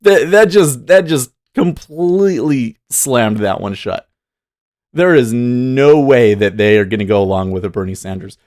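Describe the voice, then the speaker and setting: A man's voice: medium pitch, no room sound. Opinionated male streamer, casual rambling delivery, dry sound. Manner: opinionated, rambling, talks back to chat. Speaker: livestream day-trading host. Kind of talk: casual live-stream commentary.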